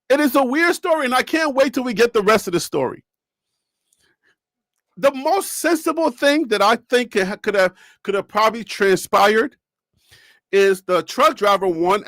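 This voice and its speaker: A man with a strikingly high voice runs a loose sports talk segment. He rambles, jokes and keeps turning to the audience with rhetorical questions. The sound is dry and close. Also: expressive, normal speed, a bit bright, no room sound. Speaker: sports talk show host. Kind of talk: casual sports talk commentary.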